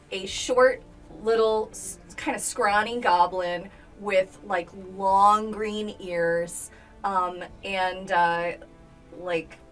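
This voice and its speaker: A woman's voice: mid-range voice, fairly bright tone, distant mic. A woman playing a tabletop game casually, hesitant and laughing as she talks. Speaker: player.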